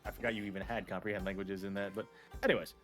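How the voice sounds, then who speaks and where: A man narrating a tabletop game as game master, chatty and animated. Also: low-pitched, very fast, soft background music.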